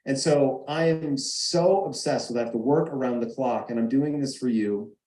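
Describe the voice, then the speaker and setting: A man's voice: medium pitch, normal speed, darkish tone, reverberant, poor audio. A man telling a personal story over a video call, emphatic and acting out the arguments he quotes. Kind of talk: animated storytelling. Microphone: video call mic.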